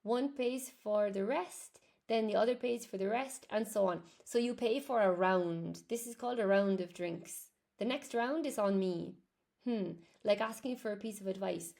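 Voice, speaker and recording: A woman's voice: mid-range voice, normal speed, gravelly, a little mellow. Chatty Irish woman teaching English live. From Ireland. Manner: chatty, answers viewers' comments. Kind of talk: live-stream lesson.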